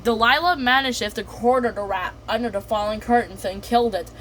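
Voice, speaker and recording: A woman's voice: on the high side, brisk, a bit bright, a little hiss or hum. A woman narrating an improvised story in a rambling way, chaining events with "and then".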